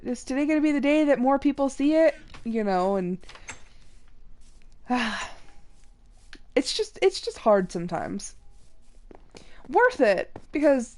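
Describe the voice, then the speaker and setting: A young woman chatting casually and rambling on a live game stream, self-deprecating, with sudden excited outbursts. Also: medium pitch. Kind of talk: casual live-stream chat while gaming.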